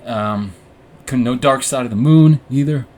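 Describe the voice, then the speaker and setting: A man's voice: medium pitch, a little slow, darkish tone. A young man hosting a casual podcast, telling a long personal story in a rambling, profane, self-mocking way, full of restarts and fillers. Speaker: podcast host. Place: room with warm orange lighting.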